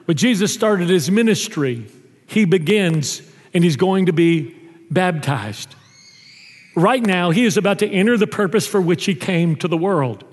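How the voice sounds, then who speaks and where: A male pastor preaching a sermon in a church, telling stories and dropping low and soft on tender lines. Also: animated, a little slow. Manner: storytelling, drops low and soft on intimate lines. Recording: long reverb of a church hall.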